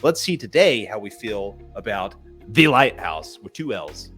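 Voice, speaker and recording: A man's voice: fairly low pitch, big pitch swings, a little slow, pushed and bright, soft background music. A man co-hosting a casual movie review chat, enthusiastic and loose, peppering his talk with "freaking" and "man.". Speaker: podcast co-host.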